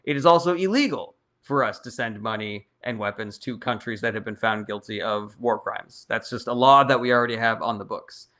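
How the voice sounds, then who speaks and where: A young man with a bright, forward voice is hosting a casual livestream. He reads viewers' questions aloud and answers them bluntly and with strong opinions, dropping profanity freely and never softening his views. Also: lowish voice, a little fast, few pauses.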